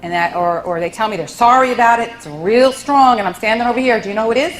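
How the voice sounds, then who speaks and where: A woman's voice: fairly high pitch, quick pace, faint music behind, poor audio. Soothing woman medium addressing an audience. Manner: soothing, calls people honey and sweetheart. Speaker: psychic medium. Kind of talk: stage reading for an audience.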